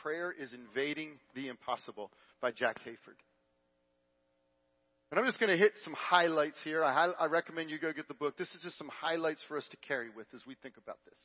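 A male pastor with a high, bright-pitched voice preaches a sermon, telling stories with loud, lively bursts that drop into hushed stretches. The sound is dull and lo-fi, as from a livestream. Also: moderate pace, long pauses.

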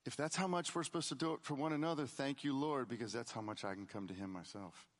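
A middle-aged pastor delivers a fast, conversational sermon, swinging between loud, emphatic lines and quiet, low asides.

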